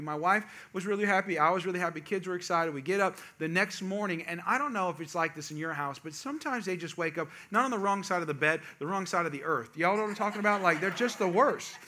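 A man telling a humorous family story to a live audience, with chatty asides to the crowd. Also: high-pitched. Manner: animated, jokey asides to the audience; quick, chatty, self-interrupting. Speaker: speaker addressing a live audience.

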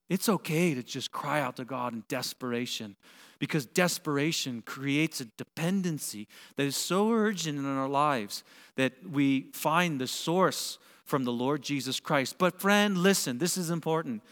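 A man preaching a sermon, animated and building to emphatic peaks. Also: on the high side, unhurried. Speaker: pastor. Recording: long reverb of a large hall.

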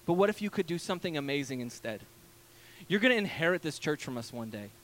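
A man, a pastor in his thirties, preaching a casual storytelling sermon from a church stage, animated and full of fillers. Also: a little high, quick pace. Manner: animated, acts out quoted voices, many fillers.

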